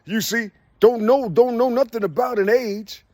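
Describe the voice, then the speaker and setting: A man's voice: very high-pitched, steady tone, moderate pace, no room sound. A man, delivering a rambling, preachy street monologue to the camera, repeating "you see?" and laughing often. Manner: drops to a soft murmur when talking to birds.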